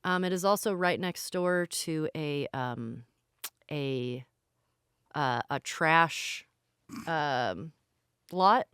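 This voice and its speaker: In a casual storytelling chat, a female podcast co-host shares a rambling, candid story full of self-deprecating asides. Her low-pitched, slightly bright voice moves extremely slowly with long pauses, and the clean studio recording has a clean tone and no room sound.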